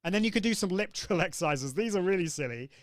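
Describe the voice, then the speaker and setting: He runs a live coaching show, answering comments from viewers while he demonstrates with plenty of energy. The voice is high, expressive and quick, and there's no room sound in the recording.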